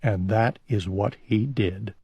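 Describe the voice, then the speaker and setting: A man reading a children's storybook aloud in a calm, gentle, unhurried way. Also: fairly low pitch, slightly rough, no echo, muffled recording.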